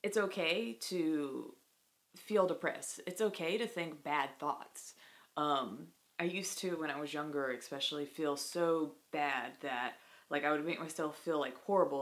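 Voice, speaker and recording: A woman vlogger talking candidly to camera, halting, with many fillers and restarts. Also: sits low. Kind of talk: candid personal talk to camera.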